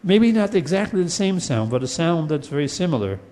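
Fairly high in pitch, sing-song, fairly quick and a little mellow, a man lectures a class on Sanskrit poetics. He patiently explains, sometimes chanting Sanskrit verses, and often starts his sentences again with fillers. The room gives off long hall reverb.

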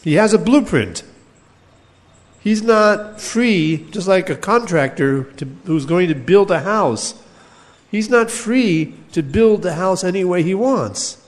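A man with a fairly high voice gives a scripture lecture in a measured, explanatory way. He stops now and then to reread a quoted verse before unpacking it. A long hall reverb trails behind every phrase. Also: lively intonation. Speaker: teacher of Vedanta scripture.

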